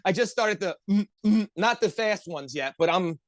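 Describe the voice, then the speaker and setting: A podcast co-host with a high voice tells a long, rambling story among friends at a moderate pace, on a dry recording. He's animated and full of energy, swearing constantly as he goes.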